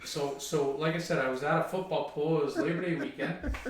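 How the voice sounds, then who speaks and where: A former goalkeeper from Windsor, Canada, guests on a casual podcast, telling stories and quoting himself and his friends. His slightly high voice keeps a steady tone at a brisk pace. The recording is very echoey and distant from the mic, with a little hiss or hum.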